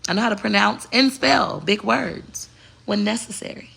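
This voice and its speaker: A woman's voice: mid-range voice, moderate pace, gravelly, a bit bright, breathy edge. A woman content creator in a casual, heavily profane vlog rant, talking straight to her viewers and moving between slang and a proper voice. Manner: emphatic and preachy.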